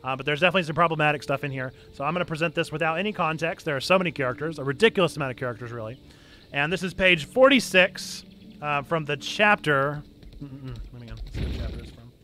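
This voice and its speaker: A man's voice: a little high, quick pace, sharp tone. A man hosting a livestream, chatting casually and reading aloud to his audience with self-mocking humor. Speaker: livestream host. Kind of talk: casual game stream chat. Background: game music.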